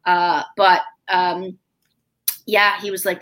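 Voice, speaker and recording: A woman being interviewed, telling a family story in a lively, chatty way and acting out the quoted lines. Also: mid-range voice, a little fast, rough recording. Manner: animated, acts out quoted dialogue.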